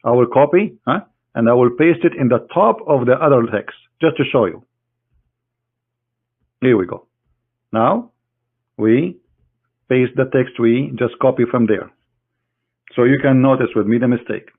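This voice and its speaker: A man giving a combative screen-share lecture in mocking, halting English as an online debater. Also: mid-range voice, lively intonation, breathy edge. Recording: tinny phone-like online audio.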